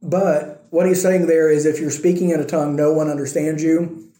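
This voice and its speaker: Male pastor, fairly high mellow voice, easygoing sermon delivery, roomy echo. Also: flat delivery, moderate pace. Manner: conversational preaching, checks in with "right?" and "okay?".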